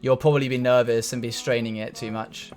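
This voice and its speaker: A young man streams from a room at home and talks casually with his viewers. He reads their comments aloud and tosses in jokey asides. Faint music plays behind his mid-pitched voice. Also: steady tone, a little fast, darkish tone. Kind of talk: casual live-stream chat.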